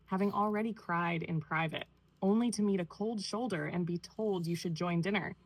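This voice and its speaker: A synthesized woman's voice speaks in a mid-range pitch with calm, measured evenness. She delivers a structured, clinical analysis in the manner of a therapist, with no rush and no edge. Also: rough recording. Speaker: AI therapist-style responder. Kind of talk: clinical analysis read aloud.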